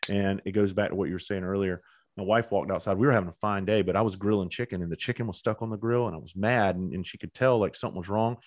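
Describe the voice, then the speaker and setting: A man's voice: low-pitched, fairly even intonation, quick pace, dry recording. A man hosting a podcast interview, talking bluntly and with heavy swearing as he tells personal stories. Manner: blunt, profane, emphatic storytelling. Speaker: podcast host. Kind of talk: casual interview chat.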